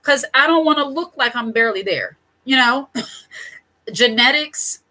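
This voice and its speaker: Middle-aged woman host, chatty and digressive, bright higher voice, casual advice to camera. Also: animated, unhurried, rough recording. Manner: chatty, digressive, laughs often. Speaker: channel host.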